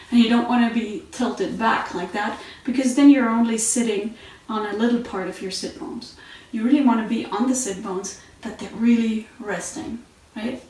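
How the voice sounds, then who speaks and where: A woman teaching meditation and yoga sitting positions in a relaxed, conversational way, with fillers and restarts, recorded on a mat at home. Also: fairly high pitch. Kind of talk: instructional talk. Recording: very echoey room, mic at a distance.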